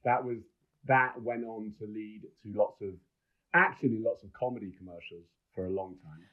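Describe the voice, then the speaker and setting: A man's voice: lowish voice, moderate pace. A middle-aged man, a film director and podcast guest, telling enthusiastic, rambling stories with many restarts. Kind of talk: casual podcast storytelling. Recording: dull lo-fi sound.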